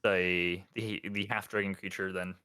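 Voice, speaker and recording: A man's voice: low-pitched, flat delivery, a little slow, pushed and bright, smooth. A man narrating as dungeon master for a tabletop game, hesitant and full of ums. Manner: hesitant, lots of ums, voices characters in passing.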